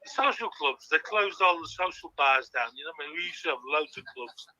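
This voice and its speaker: A man calling in over his phone, with a very bright, forceful voice pitched a touch high. He rambles and swears through casual chat, checking again and again that he is followed. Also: animated, a little fast, low-quality recording. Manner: rambling, swearing, keeps asking "do you know what I mean". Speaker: caller.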